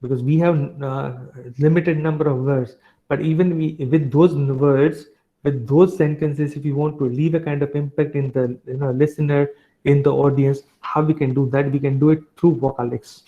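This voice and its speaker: A man's voice: on the high side, steady tone, normal speed. A man giving a revision lecture to a class, chatty and full of tag questions and fillers. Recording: dull lo-fi sound.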